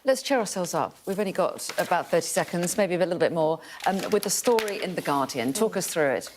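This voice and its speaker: Woman presenter, lowish voice, lots of "um"s, steers the chat, faint hiss behind. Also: animated, fairly quick. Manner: hesitant, many fillers, steers conversation. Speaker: TV news presenter. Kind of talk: live studio discussion. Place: TV news studio.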